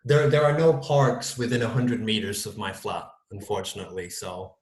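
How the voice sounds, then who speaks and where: Male teacher, low and hesitant, roomy video-call sound. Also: fairly even intonation, normal speed. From North-West England. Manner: hesitant, many ums and kind-ofs. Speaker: English teacher. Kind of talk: answering student questions on a video call.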